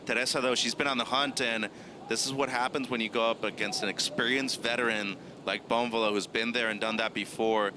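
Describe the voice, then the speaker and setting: A man's voice: medium pitch, fairly even intonation, a little fast, background noise. A man giving upbeat live analysis as a surf co-commentator.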